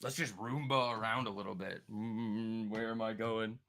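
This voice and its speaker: On his live stock market stream, a man with a lowish voice jokes around and reacts to viewers and charts in a relaxed, chatty way. His intonation stays fairly even, his speed is normal, and his tone is fairly bright.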